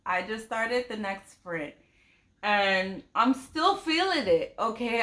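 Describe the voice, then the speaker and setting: A woman's voice: mid-range voice, echoey room. A woman book vlogger chatting casually and emotionally about a novel she is reading, rambling with many fillers. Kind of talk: casual reading vlog chat.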